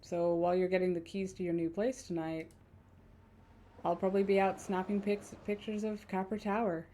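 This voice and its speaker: A woman's voice: on the low side, flat delivery, normal speed, dark tone, lightly acted. A woman playing a chatty male photographer. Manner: friendly, curious questions. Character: adult male traveling photographer, chatty and easygoing.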